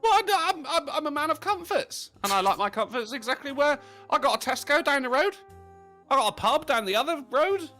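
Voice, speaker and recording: An English man on a podcast, chatting casually, swearing a lot and complaining in an animated way. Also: very high voice, fairly quick, faint music behind. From England. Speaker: podcast co-host. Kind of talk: casual banter.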